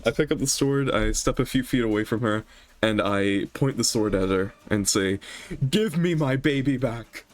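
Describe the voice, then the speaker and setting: A man playing a tabletop game, talking in a playful, animated way. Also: on the low side, normal speed. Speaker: player. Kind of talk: tabletop role-play.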